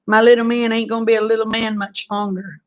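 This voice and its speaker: A woman, chatting casually with viewers on a livestream, folksy and quick to laugh. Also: on the high side, little pitch movement, poor audio. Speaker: livestream host.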